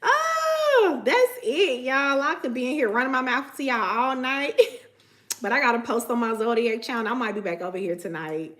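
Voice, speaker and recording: A woman vlogging casually to her viewers about spiritual matters, animated and profane, laughing often. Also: a little high, moderate pace. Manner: profane, animated, laughs often, repeats "you know what I'm saying".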